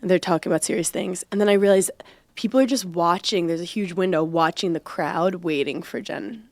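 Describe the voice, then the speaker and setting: A woman's voice: on the low side, a little fast, dry recording. A young woman co-hosting a podcast, telling a story with lots of laughter and acted-out quotes. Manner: animated storyteller, laughs often, acts out quotes. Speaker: podcast co-host. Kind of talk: casual chat, storytelling.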